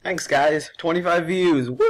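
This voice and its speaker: Young dude on his vlog, drawn-out dramatic talk, voice jumping up and down, kinda wrecked from sugar. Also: fairly high pitch, wildly swooping pitch. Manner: dramatic, groaning and coughing from sugar. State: sugar-rushed, worn out. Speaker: vlogger. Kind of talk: casual vlog.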